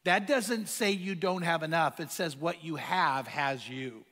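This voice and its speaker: A man's voice: on the high side, unhurried, fairly bright tone, big-room sound. A man preaching a sermon, telling stories and asking the crowd rhetorical questions. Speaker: pastor.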